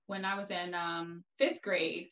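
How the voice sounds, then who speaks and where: A woman from Brooklyn, New York, a guest telling personal stories in a casual interview, lively and quick to laugh. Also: fairly low pitch, low-quality recording. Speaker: guest, entrepreneur.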